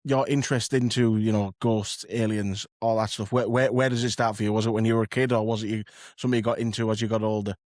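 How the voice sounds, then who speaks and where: A man's voice: lowish voice, little pitch movement, fast, hardly any pauses, darkish tone, dry recording, clean studio sound. A man hosting a podcast, asking questions in a stumbling way and repeating words as he starts. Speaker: podcast host. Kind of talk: interview questions.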